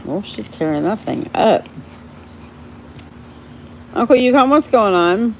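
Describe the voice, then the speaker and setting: A woman hosting a casual live stream, chatting warmly with viewers by name and laughing often. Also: mid-range voice, expressive, slow, vocal fry, a little hiss or hum. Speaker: livestream host reading viewer chat.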